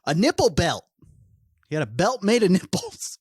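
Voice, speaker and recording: A man co-hosting a casual true-crime podcast, joking and laughing as he tells a grim story. His pitch swings widely, and the mic sound is dry and close. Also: normal speed, husky, no room sound. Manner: joking and laughing often, animated. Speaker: podcast co-host.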